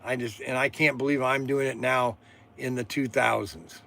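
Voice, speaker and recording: A man's voice: mid-range voice, fairly even intonation, moderate pace, gravelly, sharp tone. A middle-aged man, hosting a casual livestream and rambling through a story with restarts and fillers. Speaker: livestream host and shop owner.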